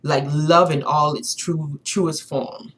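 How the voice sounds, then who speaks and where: A woman's voice: deep voice, steady tone, takes it slowly, a bit bright, a little hiss or hum. A woman co-hosting a casual spiritual chat, rambling with many fillers and restarts. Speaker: channel co-host.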